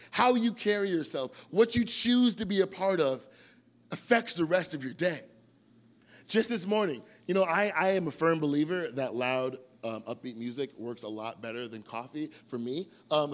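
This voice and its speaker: A young man gives a casual sermon to a youth group. His voice sits a bit high and swings widely as he acts out little scenes. He slips into funny voices for the people in his stories. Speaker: youth pastor.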